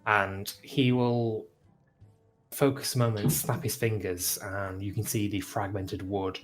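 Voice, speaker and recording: Man, game master, low voice, relaxed, fillers, tabletop narration. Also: unhurried, soft background music.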